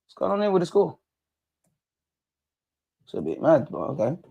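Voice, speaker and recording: A young man hosting a live football watch-along, blunt and slangy, chanting and shouting when his team scores. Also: fairly high pitch, wildly swooping pitch, moderate pace, gravelly, husky, no echo, dull audio.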